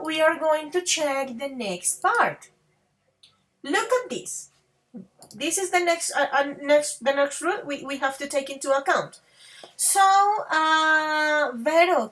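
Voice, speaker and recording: High, bright-voiced teacher. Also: female voice. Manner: affectionate, calls students babies and dears; repeats okay and halting restarts. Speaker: English teacher. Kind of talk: grammar lesson to students.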